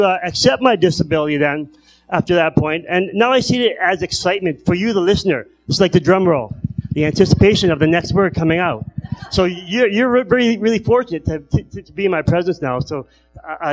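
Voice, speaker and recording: A man doing stand-up comedy who stutters, telling stories with repeated word starts and long pauses. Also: high voice, poor audio. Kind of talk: stand-up storytelling.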